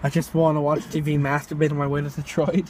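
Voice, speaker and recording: Rowdy high-voiced young man telling stories. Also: little pitch movement, fast talker, darkish tone, slight background noise. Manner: rowdy storyteller, acts out voices, laughs a lot. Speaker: podcast co-host. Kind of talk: casual chat.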